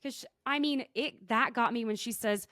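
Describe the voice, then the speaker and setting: A woman hosting a podcast, recapping a show in a chatty, animated way full of quick asides. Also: a little high, no room sound, clean studio sound. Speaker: podcast host. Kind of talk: casual recap chat. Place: podcast recording.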